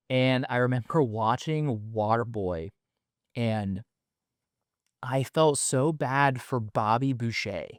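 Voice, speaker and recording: A man's voice: medium pitch, no echo, clean studio sound. Rambling thirties man with a stutter. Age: 30s. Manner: rambling, filler-heavy, loose and candid. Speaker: podcast host. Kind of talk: casual podcast monologue.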